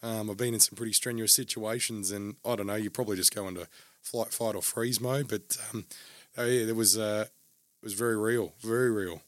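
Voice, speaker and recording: A man talking openly in a casual chat, pausing often and restarting his sentences. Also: on the low side, steady tone, no room sound. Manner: halting, many restarts and fillers. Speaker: guest.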